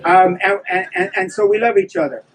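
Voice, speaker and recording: A man's voice: high-pitched, flat delivery, fairly quick, far from the mic, poor audio. An older man, an author, giving a candid, self-deprecating live talk to an audience about his book. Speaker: author speaking at a book event.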